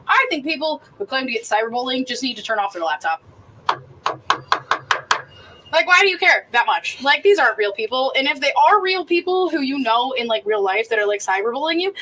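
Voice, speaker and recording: A fairly high-voiced woman runs a casual cooking demo outdoors, talking fast and loose with plenty of swearing. She drifts into rambling rants between steps, with a faint hum of the open air behind her. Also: pushed and bright, low-quality recording. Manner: chatty, profane, rambling rants. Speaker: cooking show host and chef.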